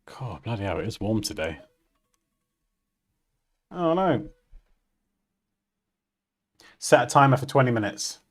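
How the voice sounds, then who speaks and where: A man's voice: medium pitch, big pitch swings, moderate pace, soft background music. A man hosting a design livestream, chatting casually as he works and laughing often at himself.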